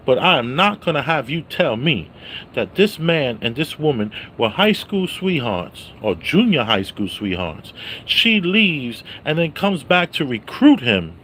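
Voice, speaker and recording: A man reviewing a movie on a casual livestream, greeting viewers by name and loudly repeating his catchphrases. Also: on the high side, slight background noise.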